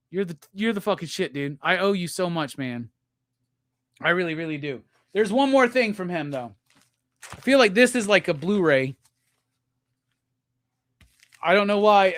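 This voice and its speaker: A man hosting a live stream, unboxing gifts and gushing with loud, profane excitement. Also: sits high, no echo. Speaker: live show host.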